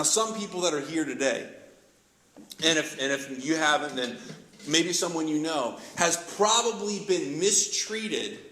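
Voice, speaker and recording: Animated high-voiced male pastor preaching. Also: roomy sound, low-quality recording. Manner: animated, acts out quoted voices, many restarts. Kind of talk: sermon.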